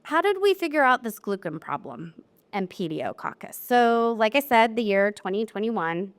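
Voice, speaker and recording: Woman, seminar presenter, chatty and lively, smooth clear voice, mid pitch. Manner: chatty and lively, acts out client quotes. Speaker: wine lab specialist presenting a seminar. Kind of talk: live technical seminar talk. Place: seminar room with an audience.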